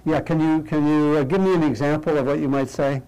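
A man leading a meditation class in an interactive talk, lighthearted and checking in with the group, thinking aloud through pauses and restarts. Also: fairly high pitch, steady tone, mellow, clean tone, poor audio. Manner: light, humorous, often checks in with "right?". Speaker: meditation teacher.

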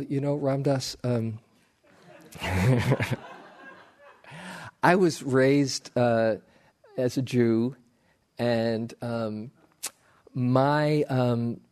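Gentle and slow, a middle-aged man who teaches meditation shares stories in a dharma talk, soft laughs slipping in. His voice is medium in pitch.

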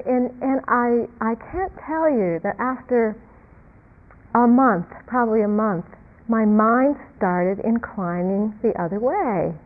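A woman meditation teacher giving a reflective dharma talk, halting and repeating words, with soft laughs. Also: fairly high pitch. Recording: tinny phone-like lo-fi sound.

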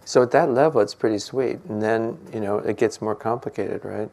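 An older man giving a relaxed, musing meditation talk, gentle and quick to laugh. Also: fairly low pitch, creaky. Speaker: meditation teacher.

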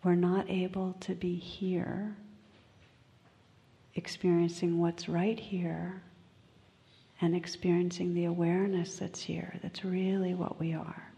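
A woman meditation teacher gives a dharma talk in a low, mellow voice with a gravelly edge. She speaks slowly with a flat, even pitch and often sinks into a soft whisper. Her voice carries a long reverb from a large meditation hall. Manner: gentle and unhurried, often dropping to a whisper.

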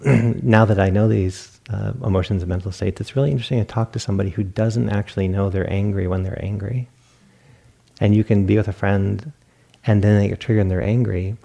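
In a meditation hall, a teacher gives a dharma talk at a retreat, speaking in a low, gravelly male voice. He is relaxed and reflective, his tone dark and mellow, and he tells stories punctuated by little laughs at himself.

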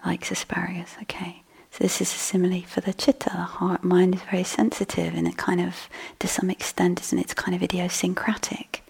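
A woman meditation teacher giving a dharma talk in a soft, breathy voice that often drops to a whisper. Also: lowish voice, monotone, a little fast, hardly any pauses. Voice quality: husky, gravelly. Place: meditation hall.

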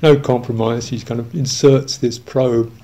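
A man's voice: mid-range voice, steady tone, a little slow, mellow. An older English man, a Buddhist monk, telling a humorous, self-mocking story in a dharma talk, chuckling along.

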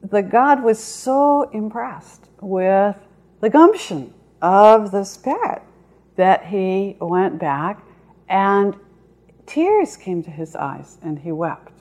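A woman meditation teacher giving a dharma talk, speaking slowly and in a measured way, with long pauses. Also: medium pitch, sing-song, darkish tone.

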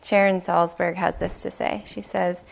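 A woman meditation teacher giving a dharma talk, telling a story slowly and gently, with soft pauses. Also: lowish voice, little pitch movement, creaky. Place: retreat meditation hall.

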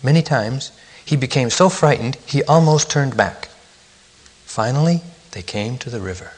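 A meditation teacher reads a children's story aloud. He is a man with a gentle, measured way of speaking and a pitch in the middle of the range. It was recorded at a retreat center. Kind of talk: storytelling in a dharma talk.

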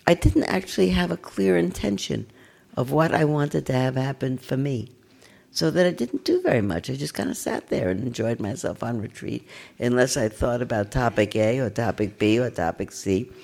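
An older woman giving a gentle, conversational dharma talk as a meditation teacher, with a self-mocking manner. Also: very deep voice, animated, normal speed, vocal fry. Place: meditation center.

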